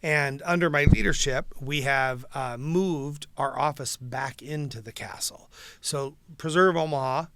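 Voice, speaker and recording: A man's voice: a little high, unhurried, a bit bright, clear, resonant tone. A man talking earnestly and at length as an interview guest, the president of a preservation nonprofit. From not from the local city. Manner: earnest, enthusiastic, rambling with restarts. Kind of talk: casual interview chat.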